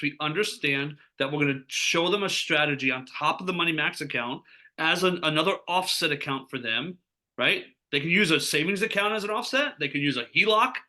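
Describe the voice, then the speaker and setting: A man talking as a financial advisor, getting fired up as he pitches a strategy, asking rhetorical questions and acting out what clients say. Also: bright, forceful tone. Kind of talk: energetic sales pitch talk.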